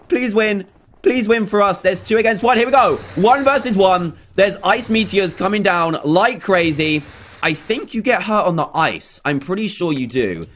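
A man commentating a video game minigame excitedly, repeating phrases and often laughing. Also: fairly high pitch, normal speed. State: out of breath. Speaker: gaming video host.

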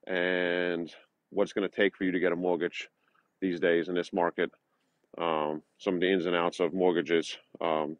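Low-voiced New York man, dull dry sound. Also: no room sound. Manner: loose, with frequent uh and um fillers. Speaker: realtor and motivational vlogger. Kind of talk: motivational morning vlog with prayer. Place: outdoors at a lakeside park at dawn.

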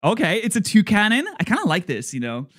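A man streaming, reacting to a video with animated, joking commentary. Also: high voice, soft background music. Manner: animated, joking, rapid asides. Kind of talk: casual live-stream commentary.

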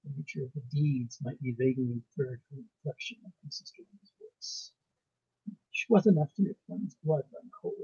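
Husky man reading a ghost story. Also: on the high side, animated, warm tone. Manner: measured, formal storytelling. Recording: dull lo-fi recording.

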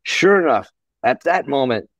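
Older male musician guest, animated storyteller, average pitch, dry sound. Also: normal speed, no echo, dull audio. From Canada. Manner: animated, swears, acts out voices. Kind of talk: anecdote-telling interview.

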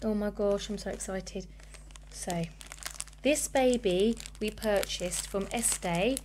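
A woman's voice: medium pitch, slow pace, darkish tone, a little hiss or hum. A woman in her thirties, a mother filming an unboxing with her daughter, gasping and exclaiming with delight. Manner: gushing, keeps gasping and exclaiming. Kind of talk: excited unboxing vlog.

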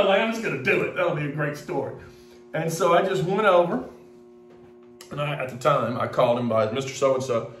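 A man, a pastor from Mississippi, telling a halting, rambling story in a sermon with many restarts. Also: on the high side. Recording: roomy echo, distant from the mic, faint music.

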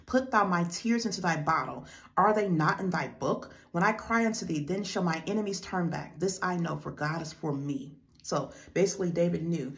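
A woman giving a devotional teaching, reading scripture aloud and then explaining it plainly in her own words. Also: fairly low pitch. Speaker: preacher.

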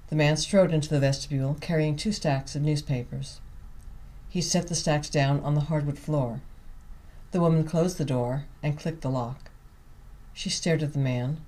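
Mellow, unhurried male author narrating. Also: a little high. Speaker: author reading his novel. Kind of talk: audiobook narration.

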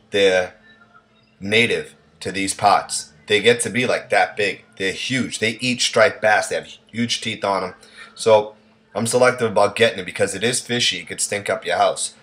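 A man's voice: lowish voice, normal speed, a bit bright. A man with a Boston accent hosting a casual cooking demonstration, talking in a chatty, offhand way with frequent fillers. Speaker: cooking show host.

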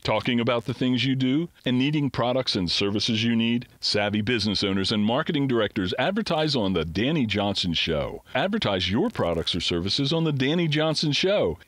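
A man's voice: mid-range voice, very animated, moderate pace, dry recording. A man reading a radio advertisement in an upbeat, emphatic sales voice. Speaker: announcer. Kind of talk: radio ad read.

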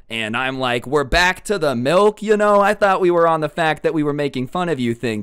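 A man's voice: mid-range voice, smooth. A young man casually telling a rambling storytime, with lots of fillers. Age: young adult.

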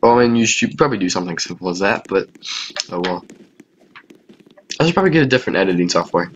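A man's voice: low voice, animated, quick pace, dull audio, slight background noise. A man giving casual, self-mocking let's-play commentary on a game, talking to viewers and laughing often. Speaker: gaming YouTuber.

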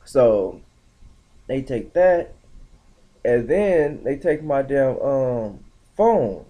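A young man telling a story casually on his vlog, slangy and animated, acting out the other people's lines in shifting voices. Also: medium pitch, very slow. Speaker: vlogger.

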